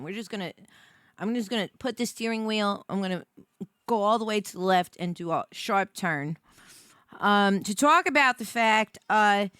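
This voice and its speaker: An American woman streamer chatting casually on a live stream, jet-lagged and tired, rambling with many fillers and bursts of excitement. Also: mid-range voice, clean tone, no room sound, clean studio sound. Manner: excitable, rambling, many fillers, swings between mumbling and squealing.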